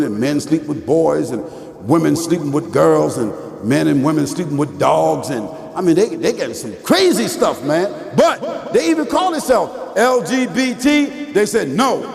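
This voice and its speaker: Animated male preacher in a reverberant hall. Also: on the high side, vocal fry. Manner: animated, emphatic, rising to shouts. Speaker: Islamic preacher. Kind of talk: lecture to a congregation. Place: large mosque hall.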